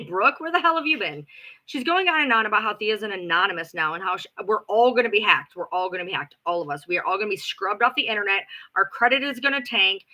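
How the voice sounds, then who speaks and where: A middle-aged woman telling a long, sarcastic, profane story on her livestream. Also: mid-range voice. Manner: animated, profane, sarcastic gossip with acted-out quotes. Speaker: livestream host.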